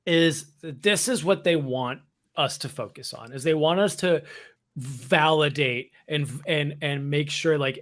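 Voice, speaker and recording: Podcast host guy, rambly and animated, kinda higher voice. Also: normal speed. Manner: rambling, restarts often, animated. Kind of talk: casual live discussion.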